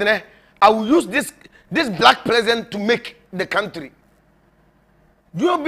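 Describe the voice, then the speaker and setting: A man's voice: very high voice, pushed and bright. A man preaching informally to viewers as a prophet, mocking and emphatic, often breaking into laughter and repeating himself. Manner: repetitive, rambling.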